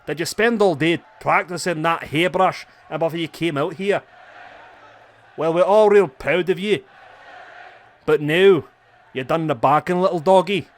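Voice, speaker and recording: A man's voice: mid-range voice, animated, moderate pace, fairly bright tone, natural voice. A man voicing an arrogant male wrestler villain who mocks his rival in pompous, condescending words. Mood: smug. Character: arrogant male wrestler villain, smug self-proclaimed genius.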